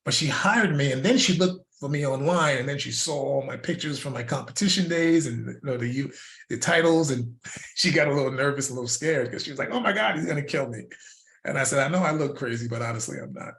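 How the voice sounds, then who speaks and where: Animated older male fitness coach, roomy sound. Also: medium pitch, brisk. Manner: animated storytelling with laughs and repeated words. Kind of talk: casual instructional talk. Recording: roomy echo.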